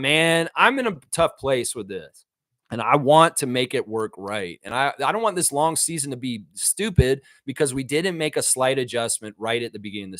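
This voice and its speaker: A man hosting a casual live stream, reading chat out loud and answering in a blunt, feisty way, swearing freely. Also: medium pitch, no echo, clean studio sound. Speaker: livestream host reading chat.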